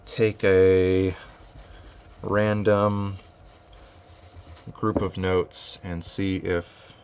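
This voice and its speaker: Deep, gravelly-voiced man teaching rhythm. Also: slight background noise. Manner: thinking aloud with many fillers and restarts; chanting rhythm syllables. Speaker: music teacher. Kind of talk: whiteboard rhythm lesson.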